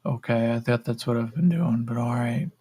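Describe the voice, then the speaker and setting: A man's voice: medium pitch, moderate pace, warm tone, slightly rough, lightly acted. A man voicing a naive, meek young human juicer who talks hesitantly and eagerly. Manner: hesitant, eager to please, trailing ums.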